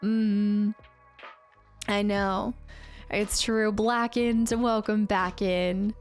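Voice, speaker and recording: A woman's voice: mid-range voice, little pitch movement, extremely slow, faint music behind. A young woman streamer chatting casually with her viewers, reading comments and laughing often. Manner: chatty, laughs often, answers chat by name. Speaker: game streamer.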